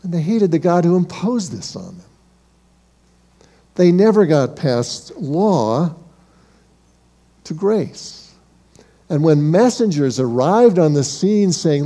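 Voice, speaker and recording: A pastor delivers a sermon in a fairly high yet warm, mellow voice. He speaks to his congregation with rhetorical questions and addresses them as beloved, pushing some lines hard and dropping others almost to a hush. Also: very animated, slow, long pauses. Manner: dynamic delivery, shifting from emphatic to hushed.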